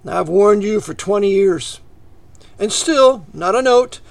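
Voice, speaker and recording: A man preaching a fiery, ranting monologue to his listeners, often breaking into shouts and dropping to low, quiet asides. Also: lively intonation, a little slow, creaky.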